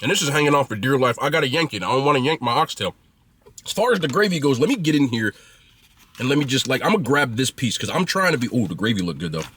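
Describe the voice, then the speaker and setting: A man's voice: medium pitch, sing-song, fast, fairly bright tone, slight background noise. A man casually reviewing food he is eating, chatty and blunt, with loose slangy talk.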